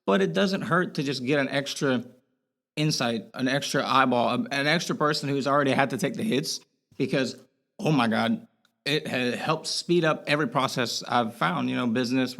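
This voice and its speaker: A man's voice: medium pitch, moderate pace, vocal fry, fairly bright tone. A young man as a podcast guest, talking earnestly and rambling in a candid interview, with lots of fillers and restarts.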